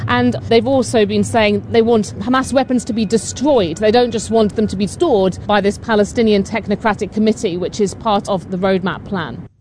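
A woman correspondent filing a radio news report in a brisk, explanatory way. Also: mid-range voice, steady tone, darkish tone, a little hiss or hum. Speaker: foreign correspondent.

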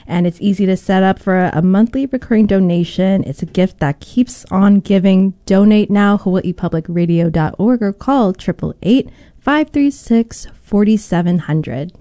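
A woman arts reporter in a radio studio, bubbly as she pitches pledge gifts and reads promo copy. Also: moderate pace, dark tone, no room sound.

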